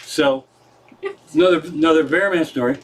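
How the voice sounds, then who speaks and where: A man's voice: a little high, moderate pace, slightly rough. A middle-aged man, a comedian, telling a rambling, profane story in a casual live stream from his living room.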